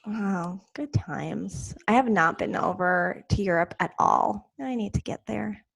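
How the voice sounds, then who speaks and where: A woman from New York co-hosts a podcast, with a mid-pitched voice and a faint New York accent. She chats animatedly, agrees readily and uses easy fillers. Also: expressive, a little slow, gravelly, slightly rough. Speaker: podcast co-host. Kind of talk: casual chat.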